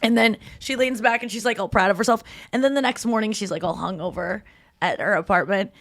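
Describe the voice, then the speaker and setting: A woman's voice: medium pitch, brisk. A woman podcast host in casual chat, eagerly retelling a TV scene and acting out the characters' lines. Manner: animated storyteller, acts out characters' lines.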